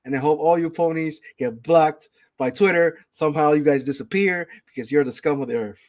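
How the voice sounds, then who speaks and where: A man hosts a casual gaming podcast, ranting with heavy profanity and reading out chat names. His voice is fairly high pitched, a little mellow, and brisk.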